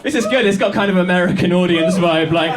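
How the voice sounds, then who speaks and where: A young man doing high-energy stand-up comedy in a small club, chatting with the crowd and laughing often. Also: fast, very noisy. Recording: live club recording with audience. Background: audience laughing and applauding.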